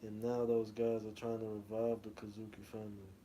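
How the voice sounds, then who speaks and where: A man's voice: lowish voice, completely flat delivery, a little fast, dark tone, slight background noise. A man co-hosting a manga review podcast, chatting casually in slangy, jokey talk and reading panels aloud.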